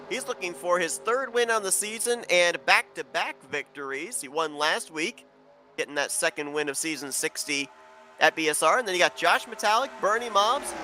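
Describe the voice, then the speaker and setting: A man giving play-by-play commentary on an online sim race, steady and informative, building excitement as the racing gets close. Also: high voice.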